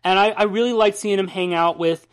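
A host in a casual chat, retelling at length in a rambling, profane, animated way. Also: medium pitch, a little fast, smooth. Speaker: podcast host.

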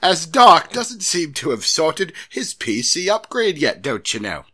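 A blustering English gent with a bright, ringing voice, pitched higher than the performer's own, as a man puts him on. The accent is hammed up and overdone, and it keeps slipping. He reads loudly and with great relish. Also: big pitch swings, measured pace, heavily acted. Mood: hammy. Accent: put-on English accent. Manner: exaggerated, loud, stumbling into Australian. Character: mock English gent reading an email.

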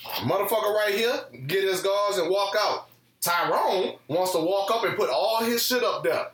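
A man's voice: high-pitched, moderate pace, fairly bright tone, roomy sound, far from the mic. A man co-hosting a podcast, telling a profane story in casual chat and acting out other people's lines. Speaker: podcast co-host.

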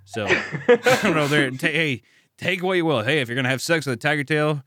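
A man's voice: on the high side, lively intonation, a little fast, bright, forceful tone, no room sound. Stammering man chatting dry and close. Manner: stammering, laughing, rambling. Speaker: podcast guest, animator. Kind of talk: casual chat.

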